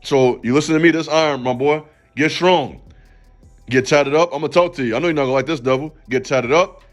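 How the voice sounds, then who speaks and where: A man's voice: a little high, brisk, faint music behind. A man hosting a faith channel, giving a motivational talk in an emphatic, preachy way and calling out to the listener directly. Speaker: channel host.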